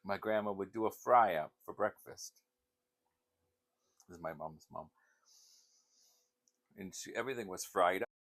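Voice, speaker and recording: A man's voice: low voice, unhurried, pauses often, a bit bright. An older man vlogging in a casual, rambling chat, wandering from one story to the next.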